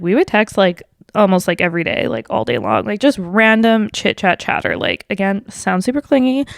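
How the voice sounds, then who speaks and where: A woman's voice: creaky, dry recording, clean studio sound. A woman in her twenties hosting a solo podcast, telling a personal story in a casual, swear-filled way with lots of fillers, lifting her voice when she quotes people. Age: 20s. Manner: quotes people in livelier, higher voice. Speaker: podcast host.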